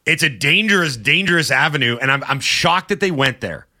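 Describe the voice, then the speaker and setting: A man's voice: on the high side, expressive, a little fast, pushed and bright. A man co-hosting a sports radio show, arguing his points with passion and emphasis. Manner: impassioned, argumentative, emphatic. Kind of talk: sports talk debate.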